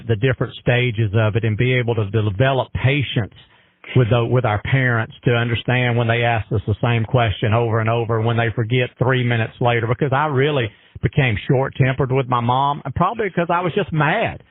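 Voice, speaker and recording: A man's voice: mid-range voice, dry recording. A man speaking earnestly and emphatically in a heartfelt radio conversation, with a folksy way of talking. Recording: dry tinny phone-line radio.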